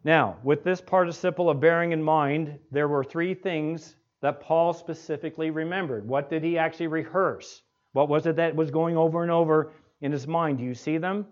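A male pastor delivers an expository sermon, putting rhetorical questions to the congregation and slowing down to stress key words. His pitch is fairly high and his intonation fairly even, heard on a dull lo-fi recording.

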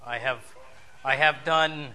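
A man's voice: medium pitch, steady tone, slow, pushed and bright. A man giving a conversational sermon lesson, telling a story, acting out bits of dialogue and asking his listeners questions.

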